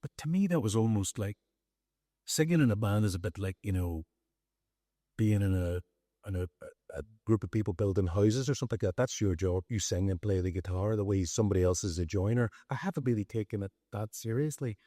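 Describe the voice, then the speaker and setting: Low-voiced Northern Irish man, dry close sound. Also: brisk, no echo. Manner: relaxed, storytelling, self-deprecating. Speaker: songwriter guest. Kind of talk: on-stage conversation.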